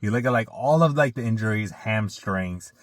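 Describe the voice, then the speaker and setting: A man with a low voice talks football casually, full of "like" and restarts, and gets louder and higher when he is worked up. The recording is dry and close. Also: moderate pace, no room sound. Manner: rambling, filler-heavy, animated when venting. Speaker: podcast co-host. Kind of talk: casual sports chat.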